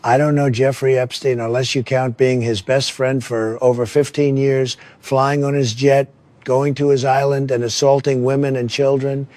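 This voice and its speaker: A boastful parody president races through a sarcastic mock campaign ad, a man putting him on. The voice stays flat and monotone. It sounds close and dry. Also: medium pitch, no room sound, natural voice. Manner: fast sarcastic satirical monologue. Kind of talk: comedy parody ad.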